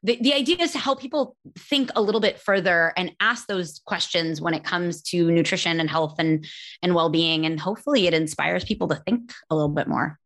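A woman chatting as a podcast guest, talking fast and restarting her sentences as her thoughts run ahead. Her voice sits slightly low for a woman. She is often self-deprecating and laughs at herself. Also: fairly bright tone. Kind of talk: casual conversational interview.

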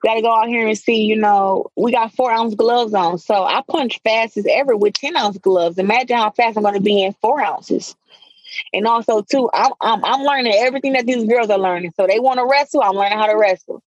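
A woman's voice: a little high, a little fast, dry recording, muffled recording. A young woman guest in an interview, telling stories bluntly and with animation, using casual slang. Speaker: guest, professional boxer.

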